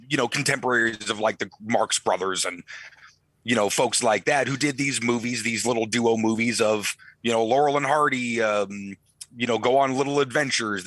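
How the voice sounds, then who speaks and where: A man's voice: mid-range voice, a bit bright, dry recording, low-quality recording. A middle-aged man co-hosting a podcast, telling a rambling anecdote in casual chat and acting out the people in it. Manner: rambling storyteller, acts out quoted voices. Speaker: podcast co-host.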